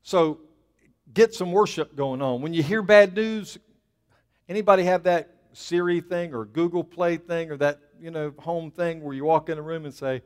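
A man's voice: on the high side, moderate pace, darkish tone, smooth. A man preaching a sermon, emphatic and plainspoken, dropping asides to the congregation. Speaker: pastor.

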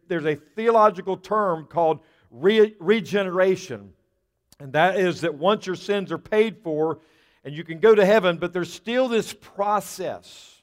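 A man preaching a sermon as pastor in a church, talking in a conversational way and often repeating words as he goes. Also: fairly high pitch. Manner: conversational, repeats words while telling a story. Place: church sanctuary. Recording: long hall reverb.

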